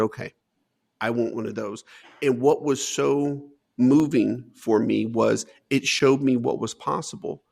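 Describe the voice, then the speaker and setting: A man's voice: medium pitch, creaky. A man as an interview guest, earnestly recounting his life story with emphatic repetition.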